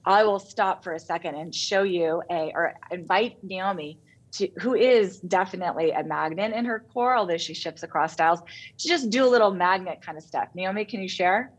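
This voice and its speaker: Woman professor, lower pitch, measured explanatory delivery. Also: slightly rough, low-quality recording. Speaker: professor and co-author. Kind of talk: explaining research in an interview.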